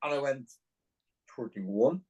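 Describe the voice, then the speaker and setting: A man in his forties from Dublin with an Irish accent, a podcast guest telling his story in a lively, self-deprecating way with many restarts. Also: medium pitch, takes it slowly, recorded from a distance, poor audio. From Ireland. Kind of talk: conversational storytelling.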